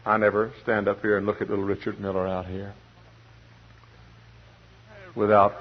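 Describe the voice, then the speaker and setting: A man's voice: fairly low pitch, level tone, normal speed. Man preaching, muffled old radio recording. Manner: dramatic preaching, swings from loud to hushed. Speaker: pastor. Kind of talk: sermon.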